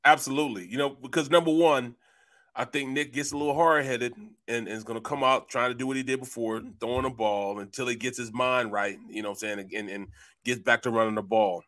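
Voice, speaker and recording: A man co-hosting a casual sports talk show, an animated storyteller who repeats phrases for emphasis. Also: mid-range voice, a little fast, no echo, studio quality. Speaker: sports radio co-host.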